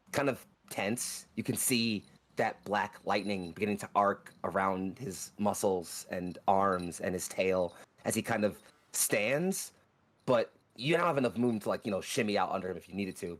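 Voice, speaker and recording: A man narrating a tabletop role-playing game as game master, with vivid, rushing descriptions. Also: on the low side.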